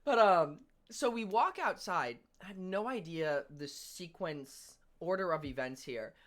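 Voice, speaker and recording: A young man streaming, telling a story in casual chat, animated and laughing often, swearing freely. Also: high-pitched, unhurried.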